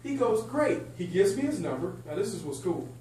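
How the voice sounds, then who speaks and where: An energetic man leads a sales training session, his voice sitting higher than most men's. He talks excitedly and banters with the crowd. The mic is some way off in a very echoey function room with a faint hum behind him. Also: brisk, recorded from a distance. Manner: energetic, excitable, chatty, jokes with the audience. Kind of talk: lively sales training talk to a live group. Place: function room at a country club event.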